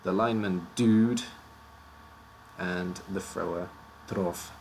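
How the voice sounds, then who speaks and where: Man, low gravelly voice, slightly worn out, joking streamer chat, faint background hiss. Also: moderate pace. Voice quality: joking, stumbles over odd names. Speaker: streamer presenting league teams. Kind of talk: casual live-stream commentary.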